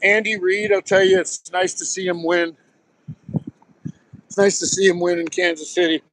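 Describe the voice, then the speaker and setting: A man in his sixties from Southern New Jersey talks in a rambling, storytelling way, dropping casual swears along the way. His voice sits fairly high for a man. He is live streaming on a phone as he walks along a beach. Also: flat delivery, moderate pace, a bit bright, no echo, rough recording. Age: 60s. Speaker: live streamer, retired Marine pilot. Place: outdoors on a beach, walking. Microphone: phone held while walking.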